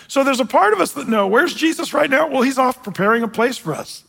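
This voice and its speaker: A man preaching a sermon as a pastor, telling stories in a conversational way and slowing down to stress key phrases. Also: very high voice, lively intonation, vocal fry, bright, forceful tone, long reverb tail. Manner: conversational, storytelling, emphatic with slow stressed phrases.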